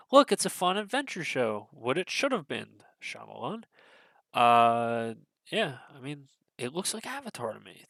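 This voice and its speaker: A young video creator reacts to a trailer in casual commentary, his voice on the high side and his nose stuffy. He rambles, swears a lot, and hesitates with many fillers before swinging into excited bursts. The recording is studio quality with no room sound.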